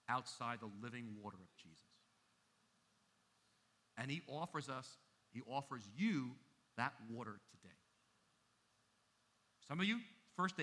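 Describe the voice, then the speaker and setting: A man preaching a sermon as pastor, emphatic, with big swings in loudness. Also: medium pitch.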